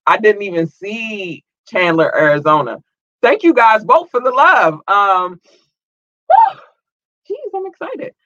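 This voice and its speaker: A young American man hosting his own podcast, reading out listener shout-outs in an excited, thankful, chatty way. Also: high voice, measured pace, no room sound, highs cut off. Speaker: podcast host.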